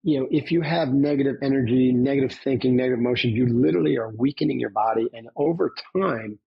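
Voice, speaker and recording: Speaking fast with vocal fry and some breathiness, a man of medium pitch shares his story as a podcast guest. He's an ex-Navy SEAL whose conversational storytelling takes an emphatic coaching tone, often punctuated by "right?". The sound quality is lo-fi.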